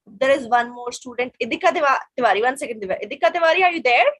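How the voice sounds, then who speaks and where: A woman's voice: sits high, animated, rapid-fire. A woman with an Indian English accent teaching French to children in an online video class, patiently repeating phrases for pupils to echo. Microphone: video call.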